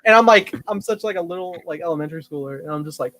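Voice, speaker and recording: A young man co-hosting a podcast, telling a story excitedly, with many fillers and laughs. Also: fairly high pitch, very fast, poor audio. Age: young adult. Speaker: podcast co-host. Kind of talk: casual chat.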